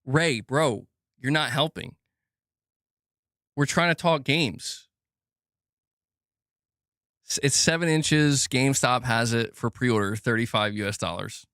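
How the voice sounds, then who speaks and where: A man's voice: mid-range voice, slow pace, pauses often, a bit bright, dry recording, clean studio sound. A man hosting a casual gaming news livestream, reading donations aloud and joking and laughing with his chat.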